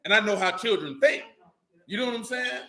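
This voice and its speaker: A man's voice: high voice, expressive, fairly quick, bright, forceful tone. A man talking casually and bluntly, full of profanity, who keeps asking "you know what I'm saying". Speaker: religious group speaker. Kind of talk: casual unscripted talk. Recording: roomy echo.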